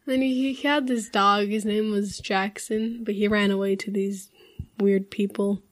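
A woman's voice: mid-range voice, fairly even intonation, unhurried. Chatty young woman, rambling storyteller. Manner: rambling, many fillers, laughs often. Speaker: group chat participant. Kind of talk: casual group conversation.

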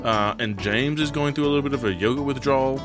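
A man playing a tabletop game, talking in a quick, rambling way. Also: medium pitch, music in the background. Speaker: player. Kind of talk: casual tabletop play.

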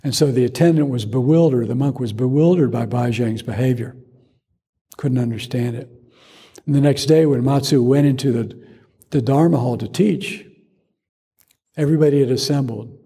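A male Zen teacher giving a dharma talk, telling stories in a measured way with pauses. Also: mid-range voice, warm tone, breathy edge. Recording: long hall reverb.

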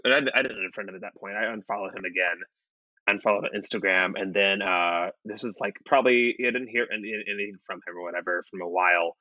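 A man telling a story in casual podcast chat, animated and profane. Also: fairly low pitch, a little fast, no echo, highs cut off. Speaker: podcast guest.

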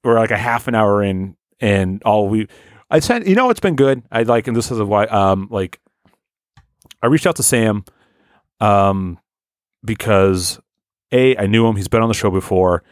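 A man with a fairly low voice, hosting a podcast in loose, rambling chat full of fillers and the odd swear. The recording is dry and close, with little room sound. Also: a little slow, no room sound. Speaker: podcast host. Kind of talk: casual chat.

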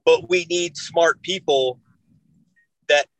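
A man in casual podcast chat, making his points in a measured, plain way. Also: a little high, poor audio. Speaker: podcast co-host or guest.

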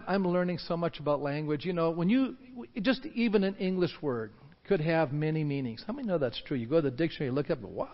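A man preaching a sermon as pastor, animated and acting out the voices of panicked crowds. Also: on the high side. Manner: animated, acts out shouting crowds. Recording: dull sound with long hall reverb.

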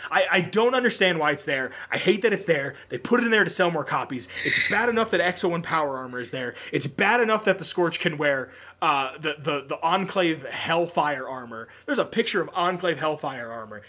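Lively, bright-voiced man ranting. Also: fairly high pitch. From Pennsylvania, US. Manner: animated, rants with rapid questions and swearing. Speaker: podcast co-host. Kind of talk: casual gaming podcast chat.

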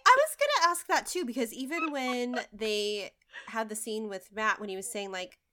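A woman podcast co-host cutting in with quick reactions during a casual episode recap. Her voice is bright and sits a little high, and her pitch bounces around as she talks. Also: lively intonation. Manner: laughs often, quick reactive interjections.

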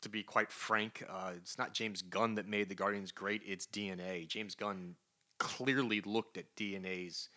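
This is a man on a comic book review podcast. His voice sits low but has a bright, forceful edge. He talks through the story in a loose, chatty way and slips in quick character voices as he retells it. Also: steady tone. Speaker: podcast co-host.

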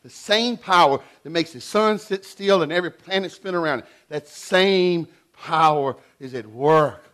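A middle-aged man preaching a sermon in an animated way, swinging between loud and hushed delivery. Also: fairly high pitch, measured pace, hardly any pauses. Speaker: pastor.

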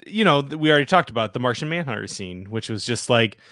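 A man's voice: mid-range voice, animated, fast talker, fairly bright tone, no room sound, clean studio sound. A man hosting a podcast, chatting casually in a rambling, jokey way and swearing now and then. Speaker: podcast host.

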